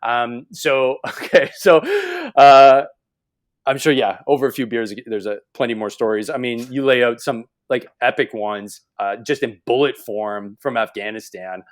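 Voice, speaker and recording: A Canadian man hosts a podcast in an unhurried, medium-pitched voice. He chats casually, swears freely and laughs a lot.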